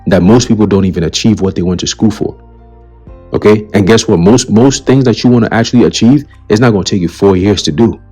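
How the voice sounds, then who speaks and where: Low-voiced man ranting on his own channel. Blunt, profane, preachy, faint music underneath. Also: brisk, warm tone, husky. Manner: blunt, profane and heated, repeats "okay?" as a tag; preacherly, warns of coming doom. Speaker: commentary channel host. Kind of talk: ranting commentary on a list of news items.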